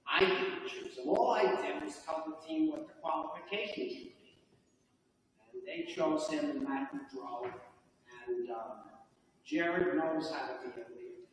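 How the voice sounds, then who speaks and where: Speaking at a measured pace in a voice on the high side, an older man gives an animated, heartfelt and folksy hall of fame acceptance speech. The banquet hall echoes, the mic is far off, and there's a little hiss or hum.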